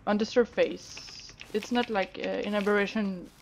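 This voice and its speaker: A woman who is not a native English speaker, giving excitable let's-play commentary that swings into squeals and swearing. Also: medium pitch, normal speed, a little hiss or hum. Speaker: gaming YouTuber.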